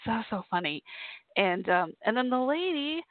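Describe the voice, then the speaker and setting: A woman's voice: fairly high pitch, sing-song, normal speed, no echo. Chatty woman on a tinny line. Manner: chatty, laughs often, restarts and fillers. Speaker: podcast host. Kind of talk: casual storytelling monologue. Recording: tinny phone-like sound, dry.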